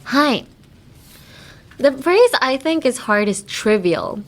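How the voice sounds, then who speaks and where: A woman's voice: high-pitched, very animated, takes it slowly. Giggly woman teaching English. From United States. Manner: playful, giggly, drills words over and over. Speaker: podcast host, English teacher. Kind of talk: casual bilingual language lesson.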